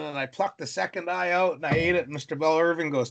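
A man from British Columbia, Canada, telling a story as an interview guest, animated and acting out voices. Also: on the high side, brisk, vocal fry. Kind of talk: storytelling in conversation.

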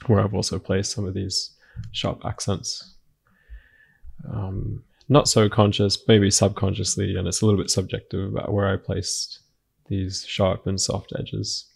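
A man teaching a painting lesson, narrating his work in a relaxed way, thinking aloud with frequent fillers and restarts. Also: deep voice, creaky, slightly rough. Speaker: painting instructor. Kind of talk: narrated screen-recorded art lesson.

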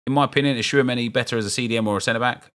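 A young man streaming a football game, chatting with viewers and reacting loudly to what he opens. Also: medium pitch, racing. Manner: chatty, reads chat aloud, gets loud and excited at good pulls. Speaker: gaming streamer. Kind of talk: live stream commentary opening game packs.

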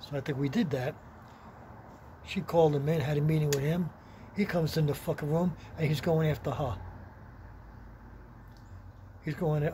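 Gruff swearing New man. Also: fairly high pitch, moderate pace, pauses often, darkish tone. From Long Island, New York. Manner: blunt, heavy swearing, gruff. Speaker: storyteller. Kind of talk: rambling profane anecdote. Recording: noisy background with vehicle sounds.

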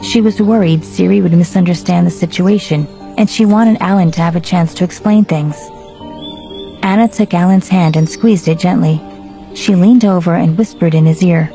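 Woman audiobook narrator: low, dark, gravelly, steady delivery. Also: moderate pace, faint music behind. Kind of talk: scripted narration.

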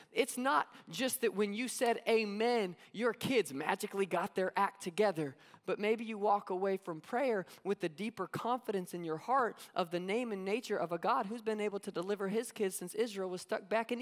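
A man's voice: sits high, moderate pace, hardly any pauses. A man preaching a sermon as pastor, conversational and storytelling, acting out quotes. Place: church sanctuary. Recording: long hall reverb.

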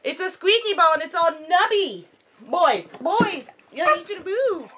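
A woman vlogging a casual unboxing at home, chatty and excitable, cooing at her dogs. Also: very high voice, measured pace, background noise.

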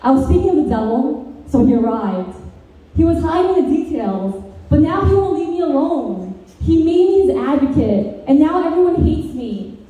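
High-voiced woman doing deadpan stand-up. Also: normal speed, muffled recording. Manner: deadpan dark one-liners with sing-song lilts. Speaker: stand-up comedian. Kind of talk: stand-up comedy set. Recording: very echoey room, distant mic.

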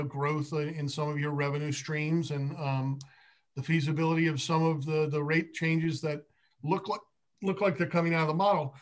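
Slightly high-voiced man at a meeting. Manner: halting, restarts, many fillers. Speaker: financial consultant. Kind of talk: business meeting talk.

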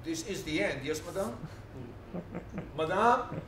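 Flirty, grandiose Russian prince, high and animated, broken English, heard from far back in a roomy theater. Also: male voice, takes it slowly, noisy background. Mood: teasing. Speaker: stage actor. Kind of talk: live stage play acting. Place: theater stage. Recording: roomy stage sound from a distant mic.

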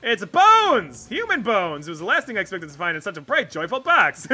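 A man's voice: high voice, wildly swooping pitch, unhurried, sharp tone. A man streaming a video game, reading the dialogue aloud and joking, swearing and laughing often. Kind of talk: let's play commentary.

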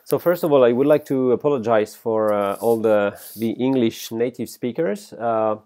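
A middle-aged French man with a French accent, giving a recorded workshop lecture as a professor, halting with many fillers and restarts. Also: medium pitch, mellow. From France.

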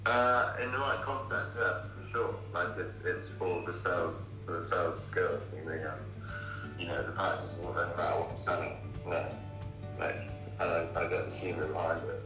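A young man with a lowish voice sounds groggy and hesitant, stumbling through his answers. He's distant from the mic in a very echoey space, with music clearly playing. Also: moderate pace. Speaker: prank call target. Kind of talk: phone call.

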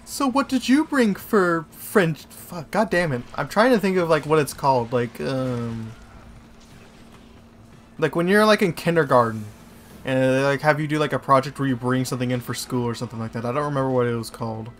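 A man playing a game with a friend, chatting casually, swearing, laughing and arguing loudly. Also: mid-range voice, fairly quick, slight background noise. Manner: excitable, swears and laughs a lot, argues loudly. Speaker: co-op game player. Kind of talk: casual gaming banter.

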